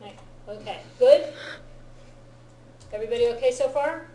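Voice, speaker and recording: A woman's voice: a little high, normal speed, warm tone. Patient woman teacher in a roomy classroom. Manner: patient, often checks understanding. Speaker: Japanese teacher. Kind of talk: classroom grammar lesson.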